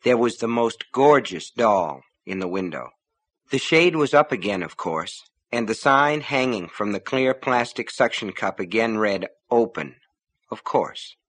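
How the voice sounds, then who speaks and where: A man's voice: medium pitch, expressive, moderate pace, fairly bright tone. Man narrating an audiobook. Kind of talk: scripted narration.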